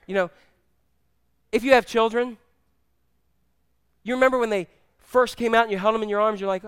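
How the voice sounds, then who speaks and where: A man's voice: high voice, fairly even intonation, normal speed, pauses often, smooth, no room sound, clean studio sound. A middle-aged man preaching a sermon, telling family stories in a conversational way and asking the audience questions. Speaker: pastor.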